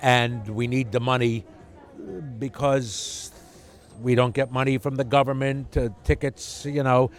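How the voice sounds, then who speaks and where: A man chatting on a gala red carpet in a mid-pitched voice. He talks wryly and rambles, stopping and restarting his sentences. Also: flat delivery, some chatter behind. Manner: wry, rambling, halting. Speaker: actor and board member.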